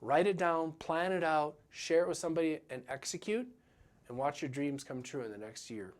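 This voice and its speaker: A man's voice: on the high side, moderate pace. A man giving a motivational business talk as a practice coach, earnest and direct, often acting out what his clients say.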